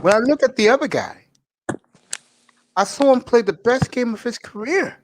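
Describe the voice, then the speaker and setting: A man talking sports on a casual podcast, sure of his opinions. His pitch rises and falls a lot as he makes his points. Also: expressive, normal speed, noisy background. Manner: confident, opinionated. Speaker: podcast host.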